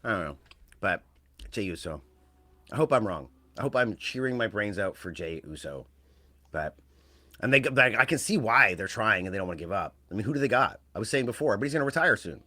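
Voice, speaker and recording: A man's voice: on the low side, animated, fairly quick, bright, forceful tone, no room sound. A man co-hosting a wrestling podcast, talking in a rambling, casual way that trails off and restarts. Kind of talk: casual chat.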